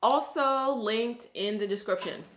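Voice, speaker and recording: A woman's voice: fairly high pitch, unhurried, a bit bright, reverberant. A young woman from Brooklyn with a Brooklyn accent, a curly hairstylist chatting casually through a hair tutorial, full of "like"s and laughs. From Brooklyn, New York. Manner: chatty, many "like"s, laughs often.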